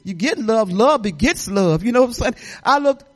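A woman's voice: a little high, lively intonation, moderate pace. An older woman giving a rambling, chatty testimony at church, often laughing and restarting her sentences.

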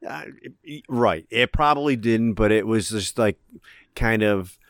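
A man's voice: lowish voice, a little slow, dry recording, clean studio sound. A man co-hosting a casual movie-discussion chat, laid-back and rambling, with hesitant fillers and some swearing. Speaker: podcast co-host.

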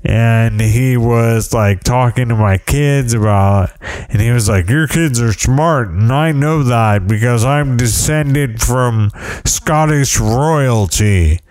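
A man's voice: mid-range voice, slow, a little mellow, no room sound. A middle-aged man telling a rambling, wry story in casual monologue, often restarting his sentences.

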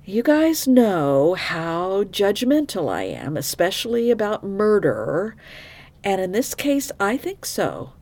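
A woman narrates a true crime case for her podcast listeners. She talks slowly and takes her time. Her pitch rises and falls a lot, and she offers her blunt opinions between the facts. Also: wildly swooping pitch, darkish tone. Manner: opinionated, conversational, frank asides. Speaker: podcast host.

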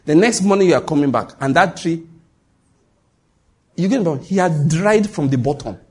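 Husky animated preacher man. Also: a little high, moderate pace. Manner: animated, humorous storytelling with acted-out dialogue. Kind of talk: sermon.

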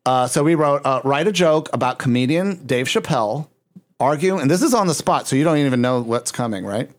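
A man's voice: medium pitch, expressive, brisk. A man hosting a podcast, chatting casually and reading out jokes with playful chuckles. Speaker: podcast host.

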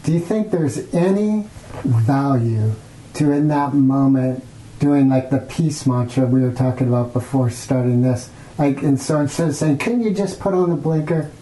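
A male interviewer asks curious, probing questions at a brisk clip. His tone is mellow and rounded. The recording carries a roomy echo. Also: medium pitch.

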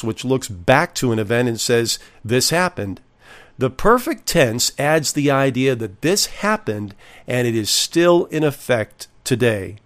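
A man preaching a sermon, reading scripture and stressing key phrases in a slow, deliberate delivery. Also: medium pitch. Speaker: pastor.

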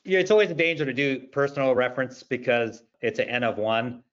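A man's voice: mid-range voice, a little fast, dull audio. A man speaking as a panel guest on a webinar, telling personal stories in a conversational way. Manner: storytelling, conversational. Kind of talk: webinar discussion.

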